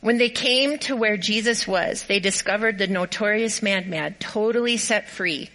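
A woman's voice: medium pitch, normal speed, bright, forceful tone, low-quality recording. A woman pastor giving a sermon, cheerfully directing volunteers through a skit and reading scripture aloud. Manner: upbeat and encouraging.

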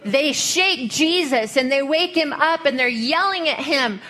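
A woman's voice: high voice, animated, measured pace, few pauses, sharp tone. A woman preacher with a Western American accent, giving a folksy, humorous sermon full of storytelling.

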